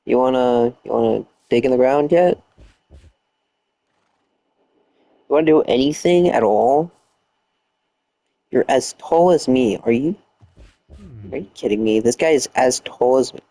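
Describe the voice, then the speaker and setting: A man's voice: medium pitch, a little slow, long pauses, mellow, no room sound. A young man playing a game late at night while lying down, muttering and swearing in frustration with half-whispered outbursts. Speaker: gaming streamer. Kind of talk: casual late-night gameplay commentary.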